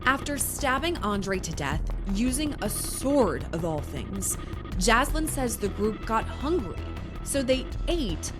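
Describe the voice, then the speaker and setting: Lively true-crime narrator woman. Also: fairly high pitch, slow pace, music in the background.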